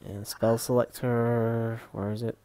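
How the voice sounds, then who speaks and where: Man, gaming stream host, casual commentary, swears freely, mid-pitched voice. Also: little pitch movement, measured pace, mellow, slight background noise. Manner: swears freely while explaining the game. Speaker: livestream host playing a game.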